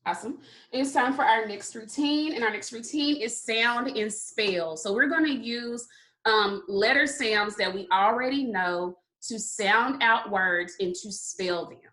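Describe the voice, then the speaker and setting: A woman teaching a phonics lesson to young children, sounding words out slowly and praising often. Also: a little high, pushed and bright. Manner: slow, drawn-out sounding out of words; encouraging, repeated praise. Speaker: kindergarten teacher.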